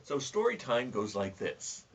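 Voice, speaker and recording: A man's voice: medium pitch, sing-song, measured pace, slight background noise. A man hosting a casual home video, giving folksy tips and telling a joke with dry humor and stammered restarts. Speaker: host. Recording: distant, dull lo-fi sound.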